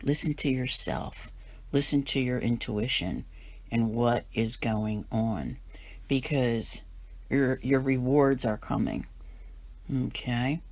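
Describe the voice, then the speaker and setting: A woman's voice: extremely low pitch, takes it slowly, darkish tone, no room sound. Woman tarot reader, emphatic and chatty, dry close sound. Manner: emphatic, conversational, acts out worried inner voices. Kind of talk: weekly tarot reading.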